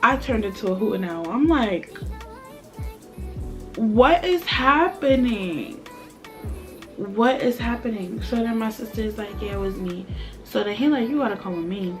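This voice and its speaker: A young woman tells a story to camera, acting out each quoted line. Her voice sits at an ordinary middle pitch, and faint music plays underneath. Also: fast. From Brooklyn, New York. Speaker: vlogger. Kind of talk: storytime chat.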